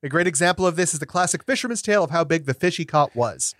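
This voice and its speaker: Lively playful male quiz host. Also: a little high, no room sound. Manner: playful quiz-master, reads options slowly. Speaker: podcast co-host running a word quiz. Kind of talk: casual podcast chat.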